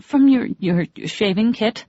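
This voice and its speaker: A flustered, embarrassed young woman in an audiobook romance, as the narrator puts her on, her voice lifted high and anxious. She keeps apologizing. The recording is dry and a little dull. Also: expressive, a little slow, warm tone, no echo.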